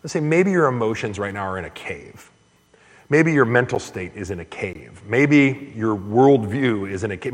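A man preaching a sermon as pastor, earnest, his voice rising and growing louder when he stresses a point. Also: husky. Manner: earnest, surges louder and higher on key points. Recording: echoey hall with long reverb.

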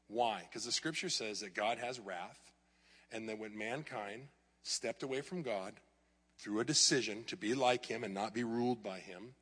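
A middle-aged male pastor preaching an animated sermon in a church, sometimes mocking clickbait headlines in a raised voice. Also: lowish voice, normal speed, breathy edge, long reverb tail. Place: church hall.

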